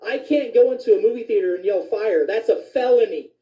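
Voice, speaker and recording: A man's voice: high-pitched, fairly quick. A man who is a physician, ranting indignantly with profanity in a commentary video. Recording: distant, echoey, dull lo-fi sound.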